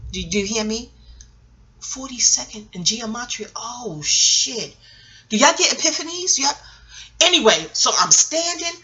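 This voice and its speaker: Brief: forties New woman, high bright voice, rowdy vlog rant with lots of acted-out quotes. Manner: profane, laughing, acts out quotes in many voices. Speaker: vlogger. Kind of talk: animated storytelling rant. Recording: audio-only home vlog.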